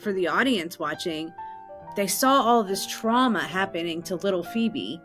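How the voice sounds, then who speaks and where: A woman's voice: on the low side, expressive, a little slow, a bit bright, faint music behind. Woman podcast host, affirming tone. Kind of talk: podcast interview and sign-off.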